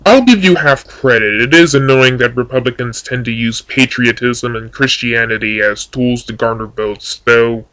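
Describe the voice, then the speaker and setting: A man's voice: medium pitch, normal speed, hardly any pauses, fairly bright tone, poor audio. A man giving casual commentary on a video, answering its claims in a dry, sarcastic way. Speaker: YouTube commentator.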